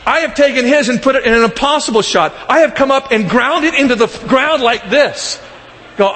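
A man preaching a sermon, telling lively humorous stories and acting out the people in them. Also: extremely high pitch, brisk, in a large hall, a little hiss or hum. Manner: animated storytelling, shouting in character. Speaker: pastor.

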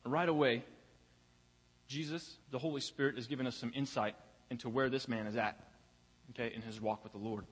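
A man's voice: medium pitch, fairly even intonation, fairly quick, pauses often, slight background noise. A young man preaching a sermon in a church, talking conversationally and often repeating words as he finds his place. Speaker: pastor. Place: church sanctuary. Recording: long reverb of a large hall.

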